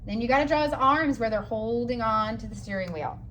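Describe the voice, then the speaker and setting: A woman's voice: on the high side, a bit bright, slight background noise. Patient woman teaching young children. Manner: patient, encouraging, sounds words out slowly. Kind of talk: early-grades writing lesson.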